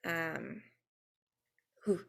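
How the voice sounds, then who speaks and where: A young woman giving a casual spoken intuitive reading, halting and full of ums, sometimes spelling words out. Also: sits low, gravelly. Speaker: intuitive reader and co-host.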